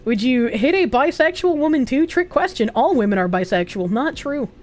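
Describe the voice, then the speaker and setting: High-voiced blunt woman streamer. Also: expressive, normal speed, darkish tone. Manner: blunt and profane, laughs often. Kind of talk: casual livestream chat reacting to posts.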